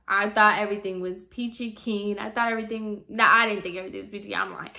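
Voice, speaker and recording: A woman's voice: medium pitch, pushed and bright. A young woman telling a chatty, exasperated story about a difficult salon client, full of "like" and "girl". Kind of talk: casual storytime vlog.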